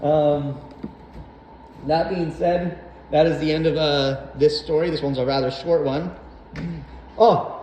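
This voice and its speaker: A man's voice: a little high, fairly even intonation, measured pace, a little mellow. A young man hosting a podcast, telling a rambling personal story full of swearing and fillers. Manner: rambling, profane, frequent fillers. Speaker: podcast host. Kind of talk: casual storytelling monologue. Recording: roomy echo, faint background noise.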